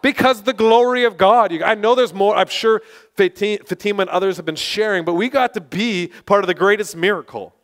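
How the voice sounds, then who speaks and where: High-voiced, passionate male preacher. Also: fairly quick. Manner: passionate, excitable, bursts of shouting. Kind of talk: sermon testimony storytelling.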